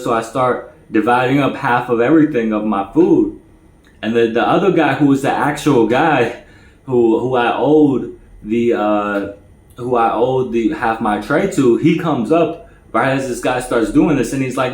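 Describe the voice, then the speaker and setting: A man casually telling a personal story, stammering and repeating words often. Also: normal speed. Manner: stammers and repeats words, acts out quoted voices higher and louder. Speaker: storyteller recounting his past. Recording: echoey room.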